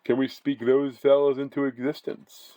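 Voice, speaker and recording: A man's voice: mid-range voice, level tone, moderate pace, warm tone, poor audio. A man casually chatting as he opens trading card packs, rambling and often correcting himself. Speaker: card-breaking channel host. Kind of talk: casual chat while opening card packs.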